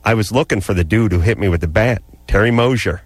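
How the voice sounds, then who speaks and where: A man's voice: fairly low pitch, fast, husky, dry recording. Radio guy rambling through a crazy story, dry studio sound. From Los Angeles area. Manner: animated, rambling, laughs while telling. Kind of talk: casual storytelling on a call-in radio show.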